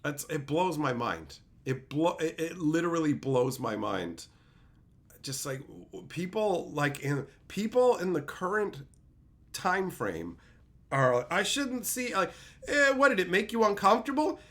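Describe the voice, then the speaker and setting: High, animated ranting man. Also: takes it slowly. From Canada. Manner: profane, mocking, mimics people in silly voices. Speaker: streamer. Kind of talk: ranting commentary.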